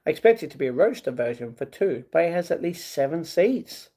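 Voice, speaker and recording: Brief: male streamer reading aloud, casual and stumbling, mellow tone. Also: on the high side, big pitch swings, fairly quick. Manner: stumbling reading with laughing asides. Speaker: livestream host. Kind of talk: reading a novel aloud on a livestream.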